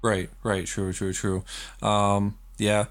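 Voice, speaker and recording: A man co-hosting a podcast, chatting casually and rambling as he retells scenes with quick acted-out quotes. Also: fairly low pitch, flat delivery. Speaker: podcast co-host. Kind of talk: casual chat.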